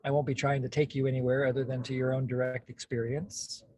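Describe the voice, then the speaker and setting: Husky man guiding a mindfulness class. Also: medium pitch. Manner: slow, calm, clears throat often. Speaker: meditation class host. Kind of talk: gentle guided mindfulness. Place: parked car. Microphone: phone on video call.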